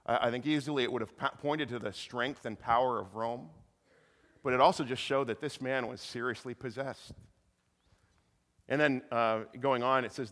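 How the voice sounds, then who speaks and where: Conversational pastor in a reverberant hall. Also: male voice, mid-range voice, fairly even intonation, a bit bright. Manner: conversational, halting with many restarts. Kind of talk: sermon. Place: church meeting room.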